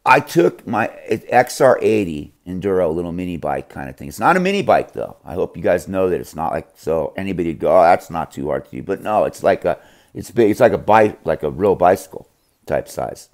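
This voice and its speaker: A man telling a rambling, profane story in a casual, animated way. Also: low voice, a little fast. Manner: profane, rambling, animated, acts out others' voices.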